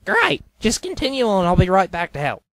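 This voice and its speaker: A woman's voice: mid-range voice, huge pitch swings, fairly quick, heavy background noise. A woman voicing a fussy bossy male director. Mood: businesslike. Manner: exclaiming, bossy.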